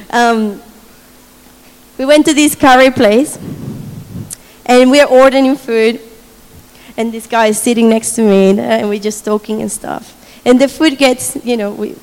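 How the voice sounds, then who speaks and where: In a big, echoing hall, a woman with a high voice delivers a testimony sermon. Her storytelling is lively, broken by frequent laughter and acted-out quotes.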